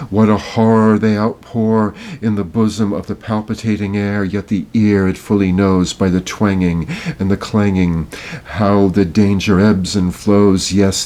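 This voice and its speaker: A podcast host in his sixties from Miami, Florida, reads a poem slowly and dramatically, then reflects on it in hesitant, searching talk. His voice is on the low side and a little mellow.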